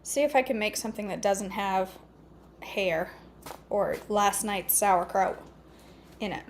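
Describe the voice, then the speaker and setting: A woman's voice: mid-range voice, measured pace, a little hiss or hum. A middle-aged woman chatting casually to her viewers while cooking in her home kitchen, joking about herself and answering comments by name. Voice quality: chatty, self-mocking, talks to viewers by name. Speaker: cooking vlogger.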